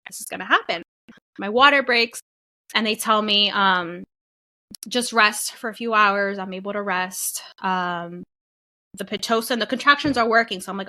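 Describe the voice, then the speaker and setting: A woman's voice: mid-range voice, moderate pace. A young woman co-hosting a podcast, casually telling a personal story and acting out what people said. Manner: animated storytelling, acts out quotes. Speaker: podcast co-host. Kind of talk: casual chat, telling her birth story.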